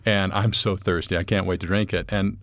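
A man with a low, gravelly voice tells his story in a relaxed, wry way. The sound is dry and close, with no echo. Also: a little fast. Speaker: guest. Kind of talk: personal testimony storytelling.

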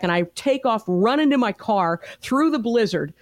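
A woman's voice: on the high side, lively intonation, fairly quick, few pauses, no room sound, clean studio sound. A middle-aged woman activist, a guest in an interview, telling a story in a fervent, emphatic, rallying way. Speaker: pro-life activist guest.

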